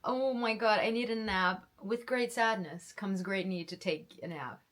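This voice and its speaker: A woman's voice: mid-range voice, measured pace, fairly bright tone. A young woman reacting to a book she is reading, in an emotional, gushing way, often tripping over her words and starting again. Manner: gushing, emotional, self-interrupting with repeated restarts. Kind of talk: casual reading reaction vlog.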